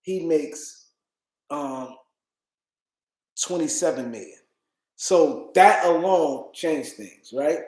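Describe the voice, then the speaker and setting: A man's voice: on the high side, animated, slow pace, pauses often, darkish tone, echoey room, rough recording. A tired man hosting a casual livestream, rambling and repeating himself as he talks to his chat. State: tired, yawning. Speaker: livestream host.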